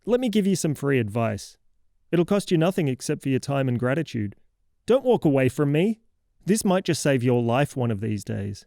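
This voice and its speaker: A man's voice: mid-range voice, big pitch swings, normal speed, gravelly, warm tone, no echo, clean studio sound. A man doing a cranky scolding neighborhood crank. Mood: sardonic lecturing. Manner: sarcastic, theatrical scolding. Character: cranky scolding older man lecturing a kid. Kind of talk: comic horror audio fiction monologue.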